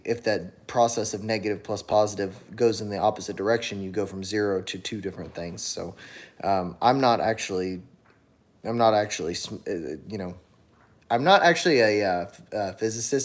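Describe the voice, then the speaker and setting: Chill young guy reading chat out loud, rambly, lots of uh and um, kid crying at home sometimes. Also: on the low side. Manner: relaxed, rambling, many fillers and restarts. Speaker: livestream host reading chat. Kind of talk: casual chat. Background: a small child crying at times.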